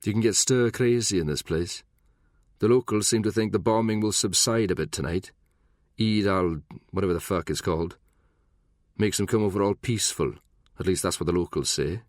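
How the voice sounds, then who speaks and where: A man doing a gruff blunt soldier. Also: fairly low pitch, normal speed, no room sound, studio quality, natural voice.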